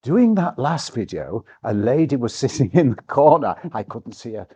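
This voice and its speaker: Male host, husky and mellow, lively intonation, chatty and laughing. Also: mid-range voice, moderate pace. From England. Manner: chatty, laughing often, expressive. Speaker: vlog host. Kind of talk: casual chat. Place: cafe in Marrakech.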